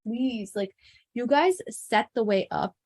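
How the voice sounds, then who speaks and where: A woman's voice: fairly low pitch, moderate pace, no echo. A woman co-hosting a casual film review chat, speaking earnestly and searching for words with many fillers.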